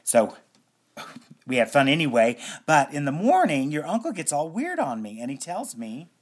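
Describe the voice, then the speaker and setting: A naive, rambling young fellow. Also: male voice, a little high, huge pitch swings, normal speed. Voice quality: chatty, storytelling. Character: naive, rambling young man telling his tale. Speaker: actor. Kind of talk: radio drama acting.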